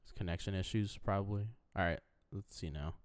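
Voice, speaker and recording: A man co-hosting a casual wrestling podcast, laid-back and slangy, chiming in with quick remarks. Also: low-pitched, smooth, no room sound. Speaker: podcast co-host.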